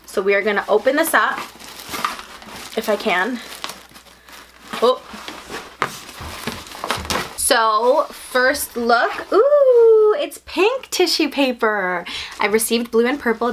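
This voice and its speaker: A young woman vlogging an unboxing, chatting to her viewers with gushing, breathless excitement. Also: on the high side.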